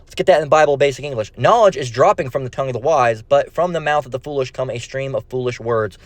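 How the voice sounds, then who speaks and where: A man's voice: mid-range voice, quick pace, dry recording. A man giving a rambling, profane screen-share lesson, repeating himself as he goes.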